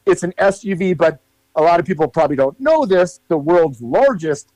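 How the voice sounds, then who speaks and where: A man's voice: on the high side, animated, normal speed, a little mellow, dry recording, rough recording. Chatty man explaining, dry close sound. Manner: rambling, explains at length with many fillers and swearing. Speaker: podcast co-host. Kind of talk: casual chat.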